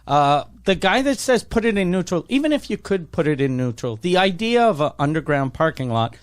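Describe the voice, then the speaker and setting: A man's voice: fairly high pitch, sing-song, clear, resonant tone. A man co-hosting a casual chat, chiming in with short reactions and joking asides. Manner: chimes in with quick backchannels and jokey asides. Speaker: podcast co-host.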